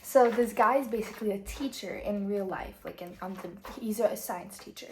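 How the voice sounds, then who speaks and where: A teenage girl chats at a middle pitch in a casual vlog, gushing with excitement and peppering her talk with "like." Now and then she drops into a hushed whisper before bouncing back up. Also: normal speed, a little hiss or hum. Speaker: book vlogger. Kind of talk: casual chat.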